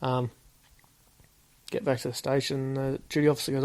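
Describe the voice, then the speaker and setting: A man's voice: medium pitch, little pitch movement, moderate pace, creaky, darkish tone. An Australian man, a former police officer, telling casual stories as a podcast guest and acting out the dialogue. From Sydney, Australia. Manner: acts out quoted dialogue, laid-back. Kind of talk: casual storytelling.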